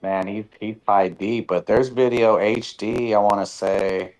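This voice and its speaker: A man in casual chat, telling stories in a profane, animated way. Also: lowish voice, unhurried, noisy background. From Nevada, USA.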